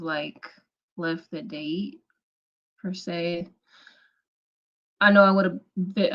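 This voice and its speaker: A woman's voice: lowish voice, dull audio. A woman commenting on a clip, thinking aloud in a hesitant, casual way. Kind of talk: reaction commentary.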